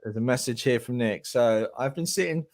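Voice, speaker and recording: A man's voice: medium pitch, moderate pace, a little mellow. Chatty male live-stream host. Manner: chatty, addresses viewers directly. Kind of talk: casual live-stream chat.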